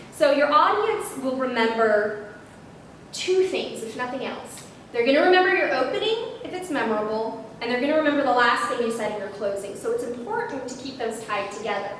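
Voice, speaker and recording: A woman presenting a public speaking workshop, lively and animated, often checking in with "right?". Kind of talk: instructional workshop talk. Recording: very echoey room, distant mic, faint rumble.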